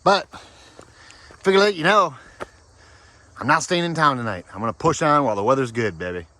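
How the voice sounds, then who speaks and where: A man vlogs casually while walking a forest trail, holding the camera selfie-style and cheerfully tossing in "baby" as he updates viewers on his thru-hike. He has a medium-pitched, expressive, bright and forceful voice, talks fairly quickly, and there's no echo.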